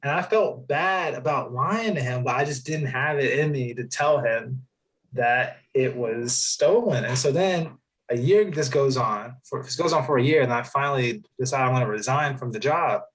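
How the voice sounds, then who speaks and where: A man's voice: medium pitch, moderate pace, low-quality recording. Young man telling a story, loose and casual. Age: young adult. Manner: loose storytelling with many fillers and restarts. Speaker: guest. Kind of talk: casual interview chat.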